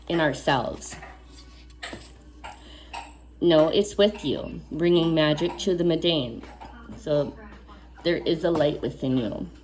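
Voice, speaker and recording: A woman's voice: low voice, darkish tone. A woman giving a spiritual oracle card reading to camera. She reads the card text aloud, then adds earnest, casual asides and repeats key phrases for emphasis.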